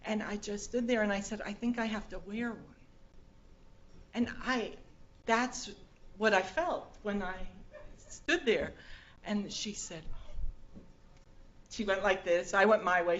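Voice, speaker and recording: An older woman telling a personal story in a talk, lively and acting out the dialogue. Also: on the low side, dull audio, a little hiss or hum. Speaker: speaker.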